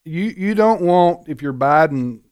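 A man giving political commentary in casual panel talk, halting and repeating words as he starts his points. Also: a little high, lively intonation, a little mellow, clean tone.

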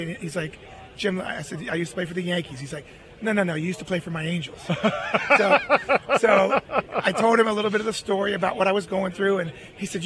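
A middle-aged man, an interview guest, telling a long personal story in an earnest, animated way. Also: high voice.

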